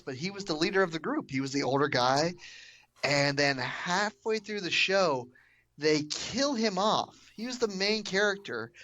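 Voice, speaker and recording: A man's voice: fairly high pitch, no echo. A man co-hosting a podcast, telling stories eagerly with plenty of fillers. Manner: eager, animated storyteller with many fillers. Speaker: podcast co-host. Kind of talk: casual podcast chat.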